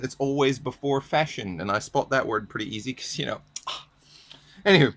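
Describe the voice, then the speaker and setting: A man's voice: mid-range voice, fairly quick, fairly bright tone. A young man ranting casually to camera, profane and sardonic, reading definitions aloud from old dictionaries. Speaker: vlogger.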